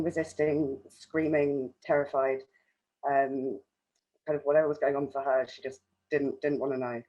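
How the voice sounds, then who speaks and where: A woman's voice: low-pitched, mellow, slightly rough, muffled recording. A woman who works festival welfare, telling a story at a panel talk with frequent ums.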